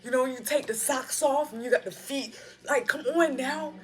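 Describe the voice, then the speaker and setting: A woman's voice: high-pitched, moderate pace. A woman giving a casual, slangy spiritual pep talk while reading tarot cards. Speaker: tarot reader. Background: background music.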